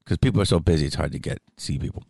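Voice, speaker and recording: Middle-aged guy hosting a podcast, super low gravelly voice, just rambling through stories. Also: very fast, no room sound, studio quality. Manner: rambling, animated, lots of fillers. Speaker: podcast host. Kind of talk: casual storytelling chat.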